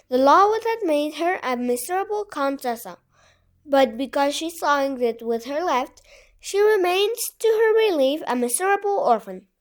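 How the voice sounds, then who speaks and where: Expressive woman reading a storybook. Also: sits high. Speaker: audiobook reader. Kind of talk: storybook narration.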